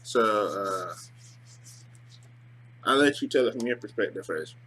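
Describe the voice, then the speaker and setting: A man's voice: fairly low pitch, animated, a little slow, bright, forceful tone, slightly rough. A man hosting a casual mukbang vlog, chatting in an easygoing way about his food while eating. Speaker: vlog host. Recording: noisy home recording.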